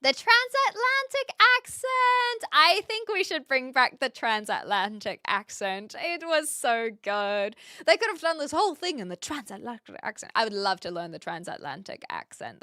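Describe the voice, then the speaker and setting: Aussie woman streaming, chatty, bright crisp voice, keeps restarting sentences. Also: medium pitch, animated, normal speed, no room sound, clean studio sound. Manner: chatty, self-correcting, talks through restarts. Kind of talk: casual chat, reading out viewer comments.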